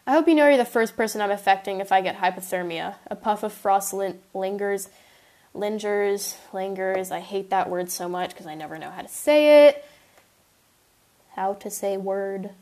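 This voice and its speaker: A woman's voice: medium pitch, lively intonation, brisk, darkish tone. A young woman hosting her own podcast, reading a chapter of her story aloud and then answering listener questions in casual, chatty, self-mocking asides.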